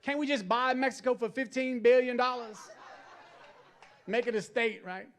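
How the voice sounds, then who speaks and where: A man's voice: very high voice, normal speed, fairly bright tone. A man doing a stand-up comedy set on stage, chatting and checking in with the crowd for agreement. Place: stage at a live comedy event.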